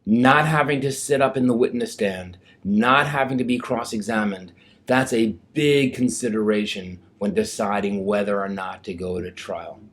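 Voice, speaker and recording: A man's voice: lowish voice, normal speed. A male lawyer explaining mediation to clients in a conversational, plain-spoken way. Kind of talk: explaining legal process.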